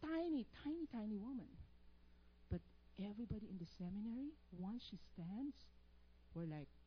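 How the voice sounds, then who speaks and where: A woman's voice: mid-range voice, animated, moderate pace, slightly rough, muffled recording. A woman preaching a sermon. She reads proverbs aloud, then stops to quiz the congregation on the missing words, with playful, teasing asides.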